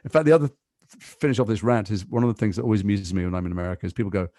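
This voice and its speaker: An English man in his fifties, a guest actor in a podcast interview, telling stories quickly with lots of asides. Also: fairly low pitch, no echo. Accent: English, Liverpool and London mix. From England. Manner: fast, animated storytelling with asides.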